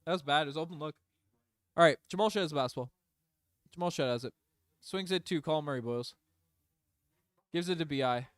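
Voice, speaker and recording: On a livestream, a young man does excited, partisan play-by-play as a fan, firing off calls quickly and erupting loudly whenever the game tips toward his team. His voice is smooth and slightly high, recorded close on a dry mic with no room sound or echo.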